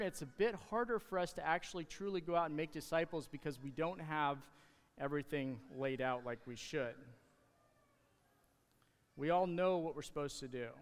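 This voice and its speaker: A man in his thirties preaching a casual, conversational sermon as pastor, halting with restarts along the way. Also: on the high side. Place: church sanctuary. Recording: long hall reverb.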